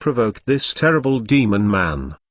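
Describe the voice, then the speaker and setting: Furious harsh middle-aged father, read by a synthetic male voice, lively pitch, dry close sound. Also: moderate pace, no echo. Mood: angry. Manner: reads punctuation marks aloud.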